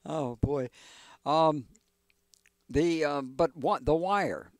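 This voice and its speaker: A man's voice: fairly high pitch, very slow, no echo. A man hosting a radio talk show, asking questions and adding short reactions. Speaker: radio host. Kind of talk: radio interview.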